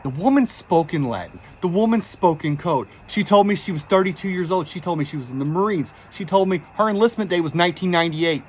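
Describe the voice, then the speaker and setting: A man in his forties recounts an unsettling encounter in a tense, shaken way, swearing freely. His voice sits a bit on the high side for a man. A faint hiss of background noise runs under the recording. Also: animated, quick pace, few pauses. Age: 40s. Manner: intense, profane, shaken retelling. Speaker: storyteller. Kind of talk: first-person true story.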